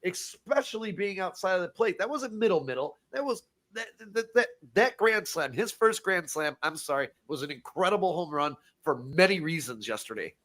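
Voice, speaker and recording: A man co-hosting a casual sports talk podcast, excitable and repeating words when he gets worked up. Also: high-pitched, normal speed, hardly any pauses.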